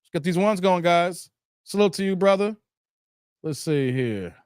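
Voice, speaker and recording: Male stream host, high voice, dry close sound, animated reactions to chat, frequent laughter. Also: measured pace, clean tone, dry recording. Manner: laughs often, animated, riffs on chat comments.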